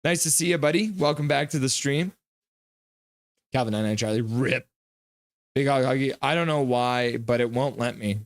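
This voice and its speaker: A man's voice: moderate pace, long pauses, no room sound. Chatty male hockey streamer, dry sound. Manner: chatty, reads viewer comments and acts them out in sudden high shouts. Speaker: hockey live-stream host. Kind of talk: casual live-stream reaction, reading chat aloud.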